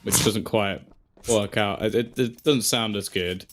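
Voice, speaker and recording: A man's voice: fairly low pitch, steady tone, a little slow, a bit bright, faint music behind. A man casting an esports match, musing in a laid-back way about the game. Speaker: esports caster. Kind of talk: casual game commentary banter.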